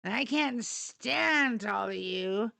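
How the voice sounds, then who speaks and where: A drawling bigot letting his grudges out, as a woman mocks him. The words come slow and sneering, in a voice a little higher than most. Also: animated, gravelly, sharp tone, no room sound, full character voice. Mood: mocking. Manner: mocking, drawn-out. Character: bigoted man finally airing his prejudice.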